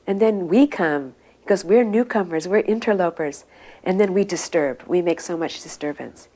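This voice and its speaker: A woman voicing a stern but gentle old male spiritual teacher who speaks slowly and measuredly. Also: fairly low pitch, lightly acted. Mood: firm.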